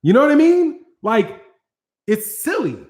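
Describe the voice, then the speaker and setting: High-voiced American man ranting profanely. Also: sing-song, unhurried, darkish tone. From United States. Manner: profane, slangy, rambling rant. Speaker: boxing channel host. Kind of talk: casual ranting commentary.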